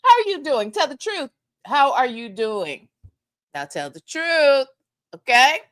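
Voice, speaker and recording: A woman with a high, bouncy voice hosts a casual livestream, playfully greeting and teasing her viewers. Her pitch swings widely as she chats, and the sound is dry and close with no room echo. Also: sing-song, measured pace, fairly bright tone. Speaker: host of a gossip livestream.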